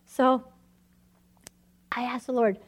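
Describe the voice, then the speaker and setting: A woman with a high, bright-toned voice preaches a sermon. She tells a personal story with lively, emphatic energy and leans hard into her points. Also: takes it slowly.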